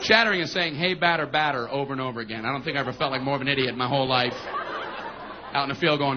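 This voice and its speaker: A man doing a stand-up comedy routine, telling stories in an animated way and acting out shouted voices. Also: medium pitch, very fast, a crowd in the background. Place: comedy stage before a live audience. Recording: dull lo-fi live recording with audience laughter and noise.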